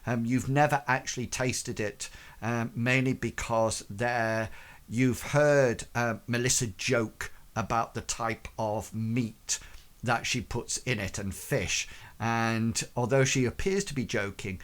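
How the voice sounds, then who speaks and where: A man's voice: medium pitch, fairly even intonation, takes it slowly. Hesitant man narrating as game master. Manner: hesitant, with many fillers.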